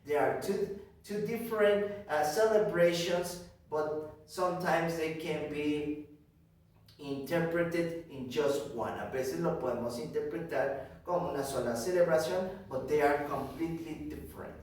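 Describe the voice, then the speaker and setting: A man teaching English to small children, slow and deliberate, repeating each point in Spanish and checking in with "okay?". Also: on the high side, a little mellow. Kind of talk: recorded class for young children. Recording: echoey room, distant mic.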